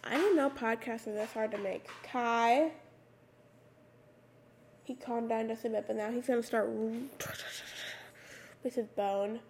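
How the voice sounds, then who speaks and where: A teenage girl hosting her own podcast, raspy with a slight lisp on her s sounds, rambling casually with lots of "like" fillers into a USB microphone. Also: fairly high pitch, unhurried, long pauses, a little mellow, slight background noise. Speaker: podcast host. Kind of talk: casual solo podcast talk. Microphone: USB microphone at a computer.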